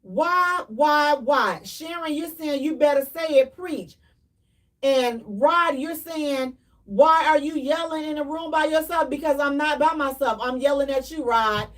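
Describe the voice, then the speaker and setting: Animated, preachy woman radio host. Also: high-pitched, a little slow, recorded from a distance. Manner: animated, preachy, repeats herself, sometimes shouting. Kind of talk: live call-in radio talk.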